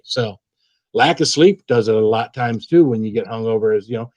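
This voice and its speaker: A man hosting a casual live stream, greeting viewers one by one by name in a relaxed, chatty way. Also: mid-range voice.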